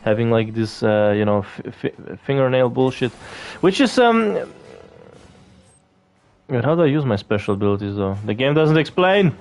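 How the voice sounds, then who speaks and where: A man's voice: medium pitch, big pitch swings, moderate pace, darkish tone. A man chatting casually while he plays a video game, rambling and swearing with lots of fillers and restarts. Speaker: gaming video creator. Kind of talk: casual gameplay commentary.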